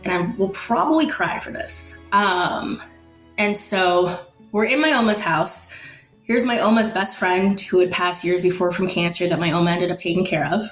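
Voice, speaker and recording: A woman from the Netherlands, a podcast guest, telling a personal story in an animated way and acting out the dialogue. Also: fairly low pitch, moderate pace. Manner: animated, acts out dialogue in quotes. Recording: roomy echo, faint music.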